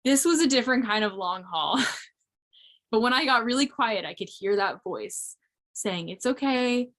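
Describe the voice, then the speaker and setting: A woman's voice: medium pitch, expressive, moderate pace, fairly bright tone. A woman in her thirties from Missouri, a guest in an interview, talking reflectively with many "like" fillers. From Missouri, USA. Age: 30s. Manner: reflective, frequent "like" fillers, light laughs. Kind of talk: casual interview talk. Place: remote audio interview.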